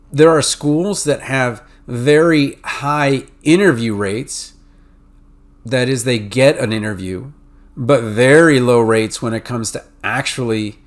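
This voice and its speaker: A man with a New England and Mid-Atlantic accent hosts a podcast, explaining in a casual, conversational way with lots of fillers and restarts. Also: mid-range voice. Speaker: podcast host advising pharmacy students.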